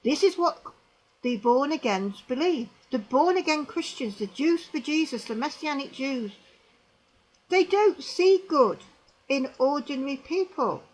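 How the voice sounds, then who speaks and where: Animated, high-voiced woman preaching her view. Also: unhurried, poor audio. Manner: emphatic, repetitive, tag questions to the viewer. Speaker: religious commentator. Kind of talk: religious commentary monologue to camera.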